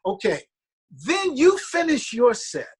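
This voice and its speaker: A male interview host with a husky voice that swings widely in pitch. He jumps in eagerly, sums up the guest's story and presses for detail in a casual, enthusiastic way. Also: huge pitch swings, slow.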